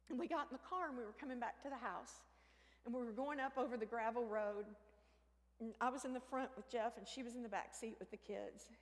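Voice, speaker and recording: A woman telling a comic story on stage, animated, with sudden shrieks and hushed asides. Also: on the high side. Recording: reverberant hall with faint ambience.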